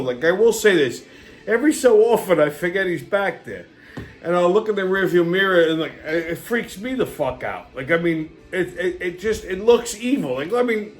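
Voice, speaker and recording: A middle-aged man, hosting a show and telling a rambling, profane anecdote while laughing often. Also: high-pitched. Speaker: podcast host. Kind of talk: casual storytelling monologue.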